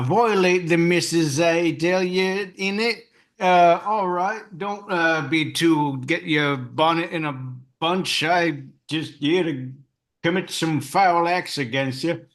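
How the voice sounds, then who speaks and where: A man doing a crude mock-thug. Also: a little high. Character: thuggish young man, gang leader. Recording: online video call.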